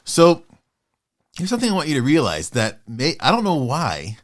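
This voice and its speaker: A man in his fifties hosting his own motivational vlog, talking in a passionate, fired-up way with sudden loud bursts. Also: a little high, huge pitch swings, normal speed. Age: 50s. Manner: acts out doubters in quoted asides. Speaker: author and channel host.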